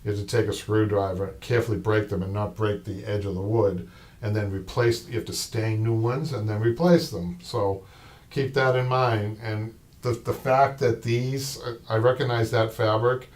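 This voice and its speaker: This upholstery shop owner hosts a live show in a Boston accent, his voice lowish, fairly even in intonation and darkish in tone at an ordinary speed. He wanders through casual talk, restarting often and tossing in asides, captured by a distant mic with slight noise.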